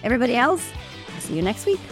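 A woman's voice: a little high, very animated, racing, over music. A woman hosting a podcast, chatty and joking, swearing freely as she wraps up an interview. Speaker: podcast host. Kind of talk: casual interview chat.

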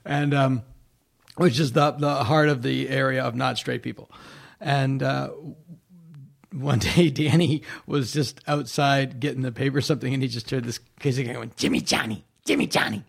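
A male comedian guest in casual podcast chat, telling rambling anecdotes with halting restarts. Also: mid-range voice, fairly even intonation, creaky.

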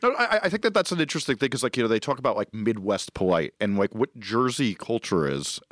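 A man hosting a casual interview, joking and slipping into quick voices. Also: medium pitch, sing-song, fairly bright tone, dry recording, clean studio sound.

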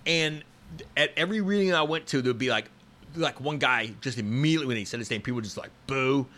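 Rambling bright-voiced man in his fifties. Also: medium pitch, fast talker. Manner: rambling, storytelling with many fillers and restarts. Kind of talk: casual podcast conversation.

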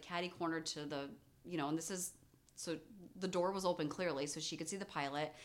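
A woman in her thirties co-hosting a casual chat podcast, telling a story in a chatty, animated way with lots of fillers. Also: on the low side. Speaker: podcast co-host.

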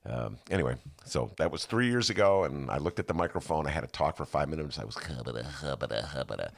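A man's voice: a bass voice, animated, fast, gravelly. A man hosting a casual political talk show from his attic, rambling and restarting his sentences, often laughing. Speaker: podcast host. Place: home attic.

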